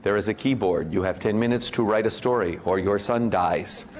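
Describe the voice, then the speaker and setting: A menacing male horror-film killer, as a convention speaker puts him on, talking slowly and low over the phone. The voice sits a little deeper than the speaker's own and drags each threat out for effect. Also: a loud crowd, very noisy, close to an everyday voice.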